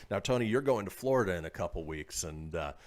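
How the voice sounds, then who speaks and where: Speaking briskly in a low voice, a man from northern Nevada runs a radio show where he reads news items and chats in an animated, laugh-filled way.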